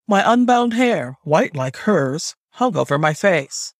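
A man narrating a first-person fantasy story in a measured, scripted audiobook reading. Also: on the high side, sing-song, dry recording, clean studio sound.

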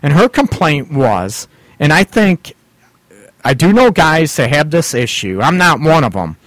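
A man's voice: a little high, sing-song, measured pace, fairly bright tone, no room sound. A middle-aged man hosting a casual talk show about relationships, rambling and laughing often. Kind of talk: casual radio-style chat about relationships.

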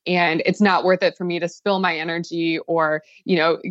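A woman appearing as a podcast guest, explaining her ideas in long, measured, thoughtful answers. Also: fairly low pitch, flat delivery, no room sound, highs cut off.

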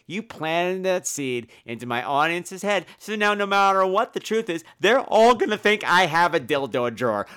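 A man's voice: on the high side, sing-song, a little slow, few pauses, sharp tone, smooth. A man hosting a comedy podcast call-in segment in a teasing, mock-indignant style. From New York. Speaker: podcast host.

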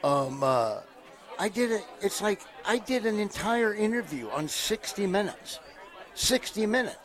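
A middle-aged man from southeast Nebraska sits in as a comedian guest, spinning casual stories at a fairly high pitch. He leaps loud and high whenever he acts out what other people said. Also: unhurried, some chatter behind. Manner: animated storyteller who jumps up loud and high when quoting people. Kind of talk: casual interview storytelling.

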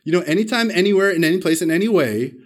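A man preaching a sermon, telling a personal story with big swings in pitch and loudness, self-deprecating and asking the congregation questions. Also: expressive, rapid-fire. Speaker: pastor.

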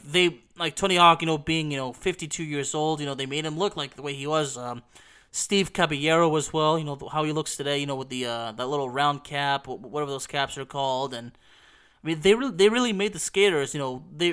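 A hoarse man talks casually into the mic, his voice bright and smooth beneath the roughness. He rambles with many "you know" fillers as he hosts his show. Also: on the high side. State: hoarse and coughing while recovering. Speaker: podcast host. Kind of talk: casual solo talk about video games.

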